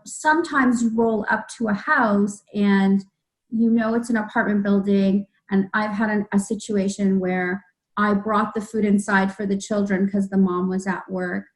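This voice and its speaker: A woman's voice: medium pitch, fairly even intonation, moderate pace, rough recording. A woman hosting an interview, sharing heartfelt stories from her volunteer deliveries. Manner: heartfelt storytelling. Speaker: interview host. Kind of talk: casual interview talk.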